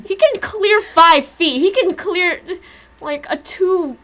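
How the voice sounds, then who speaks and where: A woman streaming a game and chatting casually, bubbly and quick, cooing now and then. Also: very high voice, a bit bright. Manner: bubbly, fast, coos at pets. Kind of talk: casual let's-play chat.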